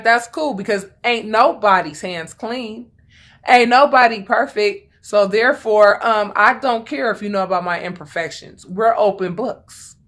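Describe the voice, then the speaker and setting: A woman's voice: a little high, a bit bright. A woman giving a casual tarot reading, talking bluntly and chattily, swearing freely and repeating lines for emphasis. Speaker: tarot reader.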